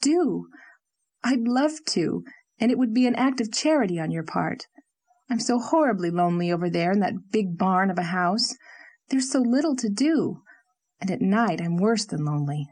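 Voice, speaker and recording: A woman's voice: fairly low pitch, lively intonation, normal speed, a little mellow. Figure: Leslie, a woman voicing a lonely, nervous young woman. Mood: eager. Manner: eager, pleading, heightened.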